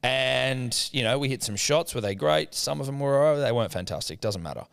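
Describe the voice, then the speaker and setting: A man, a podcast co-host, telling a lively, heavily sworn anecdote in casual chat. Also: mid-range voice, moderate pace, vocal fry, clean tone. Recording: long room reverb.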